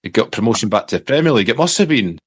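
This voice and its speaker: A man's voice: on the low side, big pitch swings, very fast, husky. A Scottish man hosting a podcast, asking chatty, prompting questions in casual interview talk. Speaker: podcast host.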